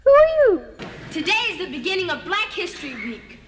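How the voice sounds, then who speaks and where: A woman voicing a prim female cartoon character who lectures a painter in a sharp, scolding way. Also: very high-pitched, big pitch swings, brisk, noisy background. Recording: echoey, reverberant cartoon audio.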